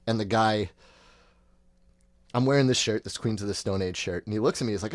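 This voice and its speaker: Guy in his 30s rambling through a story, kinda low voice, dry close sound. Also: a little fast, pauses often, no room sound. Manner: rambling, animated retelling with quoted voices. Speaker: podcast host. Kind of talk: casual storytelling.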